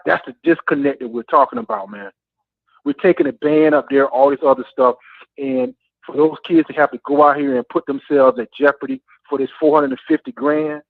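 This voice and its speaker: A caller on a talk show, a Florida A&M alumnus, has a slightly high, gravelly voice with no echo, heard over a tinny phone line. He delivers a heated rant full of frustration and passion, saying "man" over and over.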